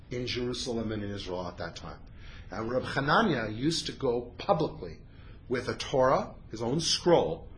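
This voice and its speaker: Male preacher, lively storyteller, bright voice, faint room noise. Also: low-quality recording. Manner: animated, rising to loud emphasis then dropping low for quoted dialogue. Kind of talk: sermon storytelling.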